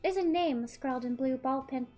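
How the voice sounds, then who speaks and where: A woman putting on a gloating psychopathic young woman from a visual novel, cool and smirking, her voice pitched high yet kept low and hushed, with soft music playing faintly underneath. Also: moderate pace. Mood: smug, gloating. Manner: cold, smirking, low and quiet delivery. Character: smug psychopathic young woman who fakes deaths. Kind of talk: reading a visual novel aloud in character.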